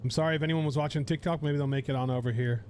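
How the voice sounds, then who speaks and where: A man's voice: on the high side, steady tone, very fast, a little mellow, a little hiss or hum. A man live-streaming a survival game, chatting to viewers in a rambling, casual way and swearing freely.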